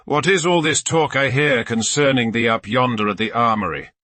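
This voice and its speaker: An anxious, affectionate young squire, his voice raised well above the reader's own and bright in tone, as a man narrating puts him on. He speaks wistful, old-fashioned words in a close, dry recording. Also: medium pitch, moderate pace, dry recording, voice pushed up. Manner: worried, wistful archaic speech.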